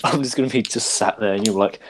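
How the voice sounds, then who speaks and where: A man's voice: lowish voice, fairly even intonation, fast. A man playing a tabletop game in casual chat, teasing the other players.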